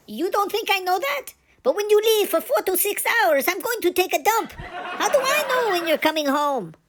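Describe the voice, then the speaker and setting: A man's voice: very high voice, very animated, normal speed, noisy background, pitched above the performer's own voice. A man voicing a sassy, wisecracking male Pomeranian dog who complains bluntly in a comic sketch.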